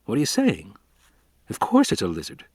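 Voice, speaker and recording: A man's voice: fairly low pitch, wildly swooping pitch, moderate pace, darkish tone, breathy edge, no echo, studio quality, exaggerated voice. A man reading an audiobook, voicing a talkative, placating male field researcher.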